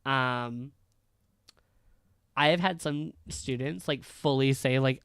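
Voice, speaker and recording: Casual ranting teacher, man, smooth clear voice, dry close sound, candid and profane. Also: mid-range voice, steady tone, normal speed, a bit bright, dry recording. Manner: candid, blunt and profane, filler-heavy. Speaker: high school teacher.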